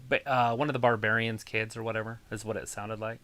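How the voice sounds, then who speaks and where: A man's voice: fairly low pitch, little pitch movement, fast, a bit bright. A man co-hosting a wrestling watch-along, giving laid-back commentary with dry remarks. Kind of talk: casual match commentary.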